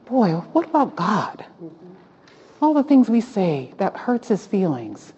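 A woman hosting a Christian talk, preaching with animated, rising exclamations. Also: medium pitch, takes it slowly, a little hiss or hum. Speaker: host of a Christian talk show. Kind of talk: preaching-style Bible talk. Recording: dull lo-fi sound.

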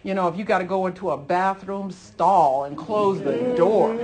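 A woman preacher giving a conversational sermon, retelling scripture with animated storytelling, repeated phrases and emphatic exhortations to her listeners. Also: on the low side, slight background noise.

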